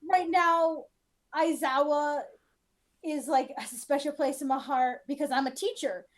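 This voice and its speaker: A woman's voice: high voice, measured pace. A woman guest in a casual chat, rambling and wry, with lots of "like" fillers. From United States. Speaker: guest cosplayer.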